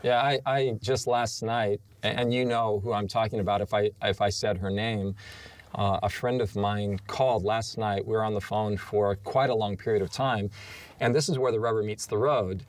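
A man's voice: lowish voice, steady tone, normal speed. Earnest male storytelling panelist. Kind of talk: faith discussion panel.

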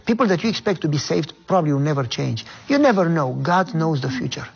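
A man, a minister speaking English as a second language, telling an animated story in an interview and acting out the voices he quotes. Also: a little high, quick pace, creaky, breathy edge, muffled recording. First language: not English. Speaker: guest minister.

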